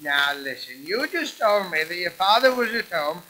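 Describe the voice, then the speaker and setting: A male comedian doing 1920s music-hall patter as a bumbling policeman. His voice is high, very bright and lively, bouncing up and down. He drives quickly toward each punchline. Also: slight background noise.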